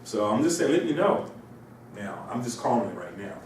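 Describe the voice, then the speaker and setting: An instructor with a cold gives a rambling lecture in a university classroom, peppering students with rhetorical questions. His mid-range voice is sing-song, a little fast and darkish, captured from far off in a very echoey room over a faint hiss.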